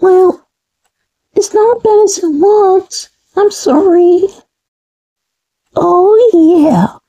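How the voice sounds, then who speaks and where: A woman's voice: very high voice, very slow, warm tone, heavily acted. A woman voicing a chirpy, upbeat young cartoon character who talks in an eager, naive, rambling way. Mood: cheerful. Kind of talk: fan cartoon voice acting.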